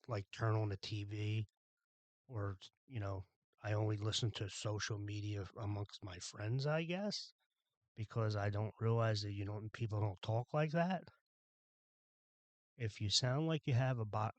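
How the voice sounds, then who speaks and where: A man's voice: lowish voice, no room sound. Blunt, profane man ranting on a podcast. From Philadelphia. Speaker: podcast host. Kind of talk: solo podcast rant.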